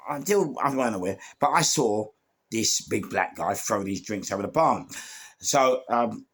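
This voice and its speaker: A man's voice: lowish voice, expressive, a little slow. A man casually telling stories from his years as a doorman on a podcast, rambling with lots of fillers and repeated words. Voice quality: gravelly, husky voice. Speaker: former doorman and security firm owner telling stories.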